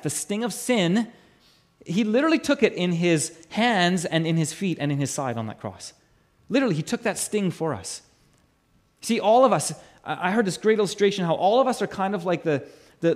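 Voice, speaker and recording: A male pastor delivers a sermon in a high voice. He presses his points by repeating them, swells at his key lines and sinks to a hush on the grave ones. He often restarts with stammered repeats. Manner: emphatic, repeats key phrases, voice swells and drops low for weight.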